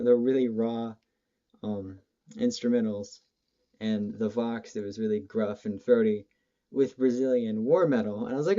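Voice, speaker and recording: A man's voice: lowish voice, mellow, lo-fi sound. A man giving a casual, rambling monologue as a music commentator, hesitant and full of ums, often correcting himself mid-sentence.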